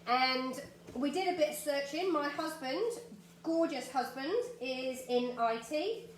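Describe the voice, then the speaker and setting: Chatty high-voiced woman teaching art. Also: unhurried, roomy sound. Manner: chatty, encouraging, greets viewers by name. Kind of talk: live-streamed step-by-step drawing lesson. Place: home art studio.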